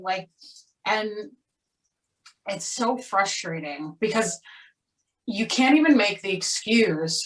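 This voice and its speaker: A young woman theater actor, candid and animated, talking on a panel with frequent "like" fillers. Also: medium pitch, slow, long pauses. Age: young adult. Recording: voice distant from the mic.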